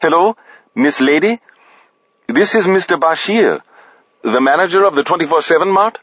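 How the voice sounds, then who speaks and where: A man's voice: fairly high pitch, expressive, normal speed, fairly bright tone, breathy edge, no echo, pitched above the performer's own voice. A man doing a flustered, stiffly polite store manager. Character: nervous, formal male store manager. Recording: dull lo-fi audiobook recording.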